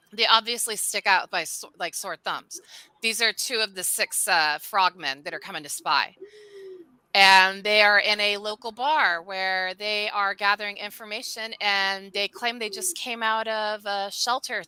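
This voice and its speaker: A woman co-hosting a casual chat. She explains things quickly and plainly. Her voice is very bright and sharp. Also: medium pitch, smooth, no echo, low-quality recording. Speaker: co-host.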